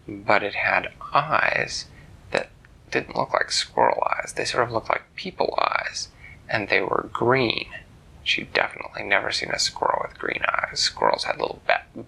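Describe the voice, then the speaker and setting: A man telling a bedtime story to a child in a gentle, animated way. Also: lowish voice, measured pace, gravelly, breathy edge, low-quality recording.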